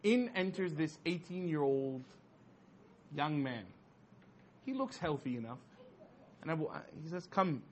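A man telling a story to an audience in a lively talk, often laughing and saying "you know". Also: on the high side, measured pace, long pauses, slight background noise.

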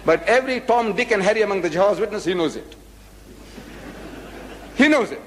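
Man, religious lecturer, emphatic, rhetorical questions, slightly high voice, long hall reverb. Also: very fast.

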